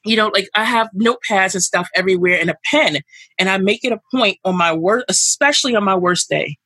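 Woman podcast guest, emphatic and animated, bright and husky, dry close sound. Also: medium pitch, a little fast, no echo. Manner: emphatic and animated, with many fillers. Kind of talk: candid conversational interview.

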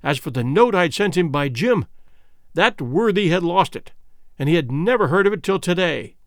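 Expressive male audiobook narrator. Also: a little high, no room sound, studio quality. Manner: measured first-person storytelling. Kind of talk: scripted narration.

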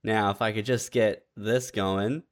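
A man's voice: on the low side, steady tone, measured pace. A man co-hosting a podcast, teasing his partner in casual banter. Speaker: podcast co-host.

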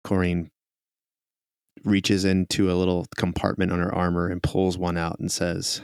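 A man's voice: sits low, completely flat delivery, normal speed, vocal fry, clean tone, dry recording, clean studio sound. A man narrating as game master in a casual, plain manner.

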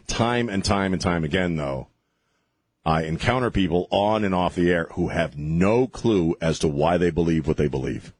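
A man's voice: deep voice, normal speed, darkish tone, husky, no room sound. A man hosting talk radio, ranting sarcastically through an opinionated monologue and often restarting his sentences.

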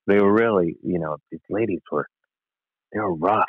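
A man's voice: sits low, moderate pace, slightly rough, no echo. A man telling a rambling, wry personal anecdote as a podcast guest, full of asides. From United States. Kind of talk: casual anecdote. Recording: thin phone-like sound, dry.

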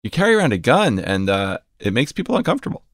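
A man's voice: medium pitch, wildly swooping pitch, quick pace, no echo, clean studio sound. A man hosting a podcast interview, asking questions with a wry, teasing manner. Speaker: podcast host.

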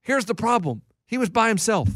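A man co-hosting a casual podcast, telling an animated story with quick restarts and stammers. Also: sits high, no echo. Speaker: podcast co-host. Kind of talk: casual chat.

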